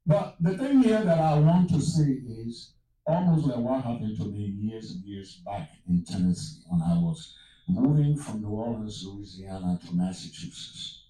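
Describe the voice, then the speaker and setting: African guy preaching his testimony, dark mellow voice, big echoey room, a bit far from the mic. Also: lowish voice, expressive, unhurried. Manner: storytelling with exclamations of praise. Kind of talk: testimony sermon.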